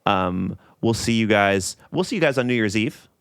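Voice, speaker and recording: A man's voice: fairly low pitch, expressive, moderate pace, fairly bright tone, clear, resonant tone, dry recording, clean studio sound. A man co-hosting a podcast, joking loosely through casual banter and sign-offs. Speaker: podcast co-host.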